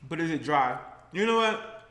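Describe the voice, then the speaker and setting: A man's voice: a little high, animated, moderate pace, a bit bright, roomy sound. A man chatting playfully and sassily in a casual eating vlog. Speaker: vlogger.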